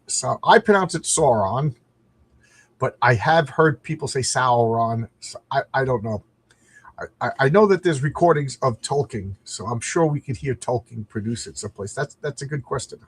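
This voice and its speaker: Middle-aged male stream host, husky, mid-pitched, casual and rambling with eager restarts. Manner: rambling and enthusiastic, frequent restarts. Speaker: comics livestream host. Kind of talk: casual livestream chat.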